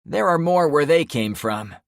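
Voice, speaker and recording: A man voicing a hostile, volatile young male party guy who taunts and shouts insults. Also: on the high side, lively intonation, unhurried, gravelly, dry recording, clean studio sound, pitched above the performer's own voice. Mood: raging, taunting.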